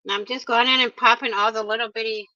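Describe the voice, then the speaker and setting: Bright-voiced woman chatting through a craft tutorial. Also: a little high, steady tone, quick pace. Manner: chatty, talks to viewers directly, playful little exclamations. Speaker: craft vlogger. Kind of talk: casual crafting tutorial narration. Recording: dull lo-fi recording.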